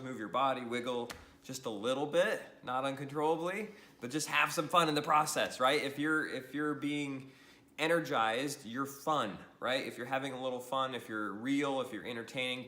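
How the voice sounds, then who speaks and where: In reverberant surroundings, a man talks at normal speed with a medium pitch, giving an energetic social media training to the camera. He stays upbeat and animated, laughing often and punctuating lines with "right?"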